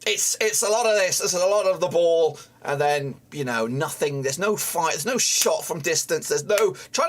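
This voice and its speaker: In his live match watchalong commentary, a man vents frustration, swearing frequently and addressing the on-screen players directly. His high-leaning voice is expressive, moving at normal speed with hardly any pauses.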